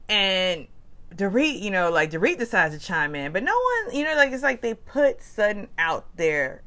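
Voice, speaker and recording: A woman's voice: medium pitch, sing-song, moderate pace, pushed and bright. A woman hosting a casual reality TV recap with a chatty, gossipy manner. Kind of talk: casual commentary.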